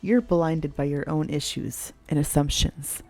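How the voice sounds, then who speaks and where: A woman's voice: low-pitched, a little slow, a little mellow, faint music behind. A woman voicing a cold, blunt young man in a visual novel, speaking curtly and mockingly. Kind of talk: voiced reading of a visual novel.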